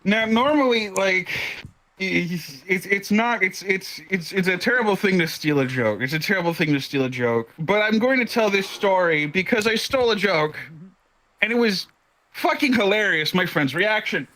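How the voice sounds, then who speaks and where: A man's voice: high voice, expressive, normal speed, bright, forceful tone, rough recording. A man in his twenties telling a profane stand-up story, with lots of stammered restarts. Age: 20s. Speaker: stand-up comedian. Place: online virtual comedy show.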